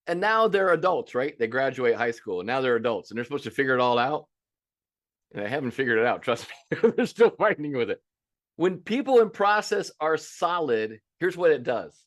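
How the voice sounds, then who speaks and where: An energetic man coaching restaurant owners, emphatic and blunt, with the odd swear. His voice sits at an ordinary middle pitch, and he acts out his clients' complaints in their own words. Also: a little fast. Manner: casual and blunt, swears now and then. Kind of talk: coaching webinar presentation.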